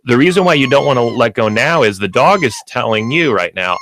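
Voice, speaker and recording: A man's voice: medium pitch, a little fast, hardly any pauses, a little hiss or hum. A man hosting a pet radio show, explaining dog training step by step in an instructive way. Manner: explains step by step, lively and animated.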